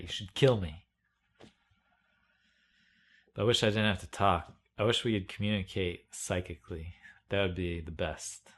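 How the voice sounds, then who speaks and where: A man's voice: sits low, a bit bright. A young man rambling in a casual monologue, meandering and self-mocking, full of "like"s. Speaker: video blogger.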